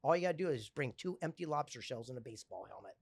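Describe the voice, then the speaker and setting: A man doing a calm, confident business mentor. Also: medium pitch, rapid-fire, slightly rough, no room sound. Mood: assured.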